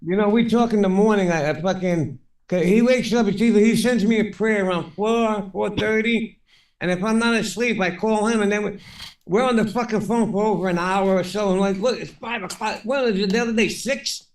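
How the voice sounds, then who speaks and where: A man's voice: sits high, a little fast. A man co-hosting a live stream in casual chat, rambling and swearing freely, affectionate toward his friends.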